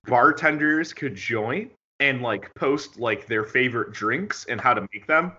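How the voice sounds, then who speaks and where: A man hosting a podcast in a lively, animated voice that swings widely in pitch and sounds bright. He asks long, rambling questions full of fillers. The audio is lo-fi. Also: measured pace. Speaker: podcast host. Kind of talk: casual interview chat.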